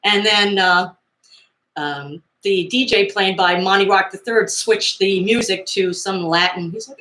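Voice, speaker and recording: A woman's voice: mid-range voice, measured pace, sharp tone. A woman vlogger casually retelling stories in a chatty, digressive way with frequent fillers and asides. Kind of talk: casual retelling of 1970s pop culture. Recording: roomy echo.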